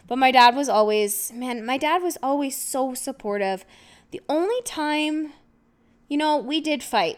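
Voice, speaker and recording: A woman's voice: on the high side, clear, resonant tone. Chatty podcast woman, rambling. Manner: rambling, filler-heavy, laughs often. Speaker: podcast host. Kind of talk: casual personal storytelling.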